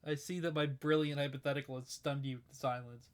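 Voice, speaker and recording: A woman's voice: very deep voice, fairly even intonation, a little fast. A young woman co-hosting a podcast in casual chat, spinning absurd hypothetical scenarios and laughing often. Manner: spins absurd hypotheticals, giggly. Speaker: podcast co-host.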